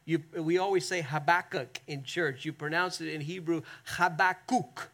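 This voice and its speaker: A man's voice: a little high, steady tone, normal speed, fairly bright tone. A man preaching a sermon as pastor, reading scripture dramatically and talking conversationally to his congregation. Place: church, streamed online.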